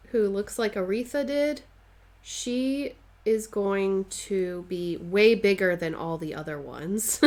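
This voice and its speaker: A woman's voice: mid-range voice, creaky, darkish tone. A woman chatting casually on a live stream while she stitches, answering viewers' comments and playfully dramatizing her stories.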